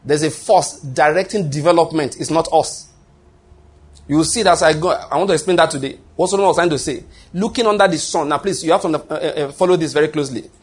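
Man, sermon, husky voice, slightly high pitch, emphatic repetitions. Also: fast. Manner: repetitive, emphatic, restarts phrases. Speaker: preacher.

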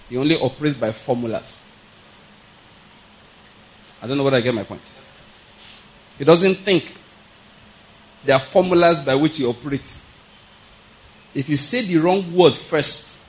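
A man's voice: a little high, rough recording. A man giving a conversational sermon, laughing often and asking his listeners whether they follow. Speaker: preacher.

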